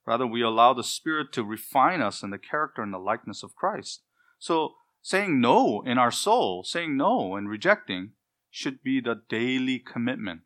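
A man's voice: mid-range voice, big pitch swings, moderate pace, fairly bright tone. A middle-aged man preaching an expository sermon, earnest and emphatic, building his points in repeated lists.

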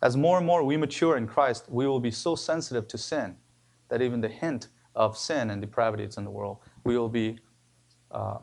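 A male pastor delivering a sermon with a gravelly edge to his voice. He preaches emphatically, climbing on the words he stresses and sinking quiet to close his points. His pitch sits in an ordinary middle range. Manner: emphatic preaching with rises and sudden drops.

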